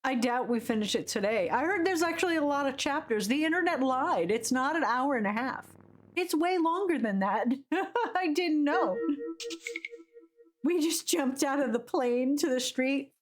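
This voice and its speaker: A woman's voice: sits high, animated, normal speed, soft background music. A woman streaming a video game, chatting casually with her viewers and giggling often. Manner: chatty, giggly, greets chat. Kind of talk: live game commentary.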